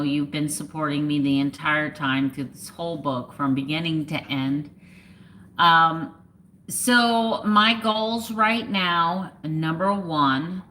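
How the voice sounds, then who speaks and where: A woman in her fifties chatting casually on a livestream, emotional and close to tears, talking haltingly with many fillers and trailing thoughts. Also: sits low, a bit bright, a little hiss or hum. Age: 50s. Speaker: vlogger.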